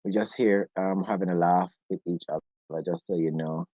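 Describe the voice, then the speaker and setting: A man's voice: low voice, fairly even intonation, normal speed, warm tone, dry recording. A British man hosts a live online chat, talking loosely and joking with his listeners. He laughs easily between remarks. The sound is dull and dry, with little room around it. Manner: jokey, chatty, laughs often. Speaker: host of a live online discussion. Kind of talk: casual livestream chat.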